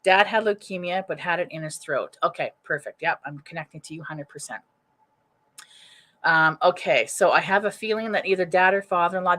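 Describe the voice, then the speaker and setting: A woman's voice: fairly low pitch, sharp tone. Chatty woman giving a psychic reading. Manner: rambling, chatty, thinks aloud with many restarts. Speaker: psychic medium. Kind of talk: live-streamed mediumship reading. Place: home, streaming live. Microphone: webcam or computer mic.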